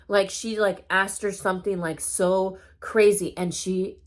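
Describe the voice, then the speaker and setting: A woman's voice: medium pitch, normal speed, hardly any pauses. A woman vlogger telling a story time in casual chat, full of fillers and loose swearing.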